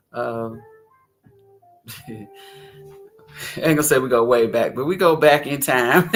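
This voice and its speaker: Gravelly-voiced giggly livestream host woman. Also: extremely low pitch. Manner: giggly, rambling and chatty. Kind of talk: casual livestream chat.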